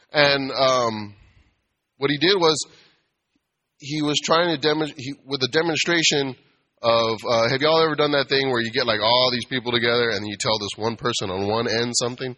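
A man giving a casual, humorous talk like a sermon, asking the audience for amens and acting out everyday exchanges. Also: mid-range voice. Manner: animated, asks the audience for amens, acts out bar customers. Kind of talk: conversational preaching with humor.

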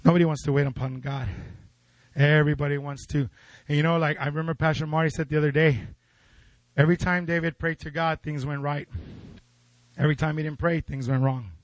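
Fervent high-voiced male preacher. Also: fairly even intonation, a little fast, no room sound. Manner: fervent, call-and-response with congregation. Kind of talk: sermon. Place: church.

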